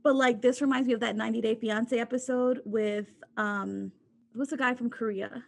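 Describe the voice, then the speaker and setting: A young woman co-hosting a podcast, giving quick, exasperated commentary in casual chat. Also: on the high side, steady tone, gravelly, a little mellow. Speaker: podcast co-host.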